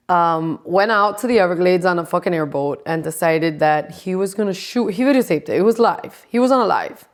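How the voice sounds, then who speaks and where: A woman in her forties rants casually as a podcast host, swearing freely and sounding exasperated. Her pitch sits in a middle range for a woman. She talks straight to her listeners with sarcasm and sometimes drops into a stage whisper. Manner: sarcastic, addresses the audience directly. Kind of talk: casual ranting commentary.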